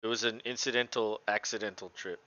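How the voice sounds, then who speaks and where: A man's voice: on the low side, steady tone, brisk, sharp tone, dry recording, lo-fi sound. A man hosting a casual live play-by-play show from home, chatting and laughing between plays. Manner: chatty, laughs often, talks to his dog. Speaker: podcast host doing live play-by-play. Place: home room with his dog.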